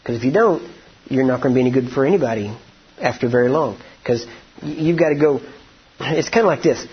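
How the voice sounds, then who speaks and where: A man's voice: mid-range voice, a little fast, husky, dull audio. A man preaching a conversational sermon, often asking the congregation for agreement.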